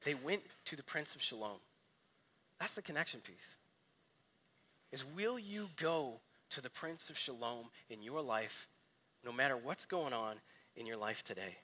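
A man preaching a sermon, telling stories with lively energy and dropping to quiet, soft reflection. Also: medium pitch, measured pace, long pauses, a little hiss or hum. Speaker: pastor.

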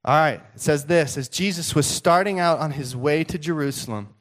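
A male pastor preaching a sermon in a conversational, animated storytelling way, with frequent restarts. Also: fairly high pitch, normal speed.

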